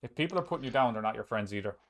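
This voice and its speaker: A man's voice: mid-range voice, animated, rapid-fire. Rambling man hosting a podcast. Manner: rambling, frequent restarts, swears casually. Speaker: podcast host and streamer. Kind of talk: casual podcast chat.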